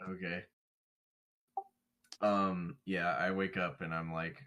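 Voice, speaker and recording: Low-voiced guy playing a tabletop game, lots of ums, deadpan jokes. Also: takes it slowly, long pauses. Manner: hesitant, filler-heavy, deadpan jokes. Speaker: player. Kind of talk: casual tabletop play.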